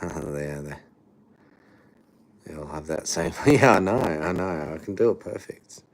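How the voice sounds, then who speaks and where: Low, slow man chatting laid-back. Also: animated. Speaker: livestreamer. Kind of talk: casual livestream chat.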